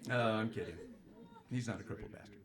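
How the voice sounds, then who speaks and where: A male stand-up comedian doing a profane, brash set on stage, jumping into loud mocking voices for punchlines. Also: lowish voice, brisk, crowd noise. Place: comedy club stage with live audience. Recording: live club recording with audience noise.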